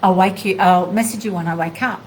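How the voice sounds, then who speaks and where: A woman, a spiritual teacher, telling a personal story in a live video, animated and heartfelt, acting out bits of dialogue. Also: on the low side, fairly quick, a little hiss or hum, poor audio.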